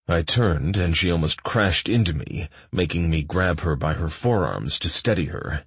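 A man narrating a first-person audiobook in a calm, measured manner. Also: extremely low pitch, slightly rough, no room sound.

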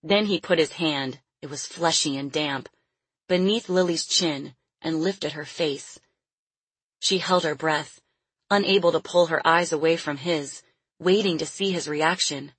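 A woman reading a novel aloud as an audiobook narrator, in a measured and expressive way. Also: low voice, husky, dry recording. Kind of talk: scripted storybook narration.

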